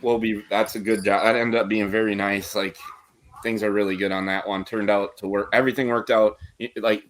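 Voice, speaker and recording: A man's voice: fairly low pitch, level tone, brisk, fairly bright tone, a little hiss or hum. A man chatting casually on a video call about work, rambling loosely and restarting his sentences. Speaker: coworker guest.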